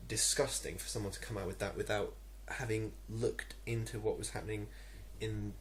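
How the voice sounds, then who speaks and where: A man's voice: on the low side, steady tone, normal speed, a little hiss or hum. A young man with an English accent, ranting to camera in a vlog, irritated and rambling with many ums and restarts. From England. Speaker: vlogger.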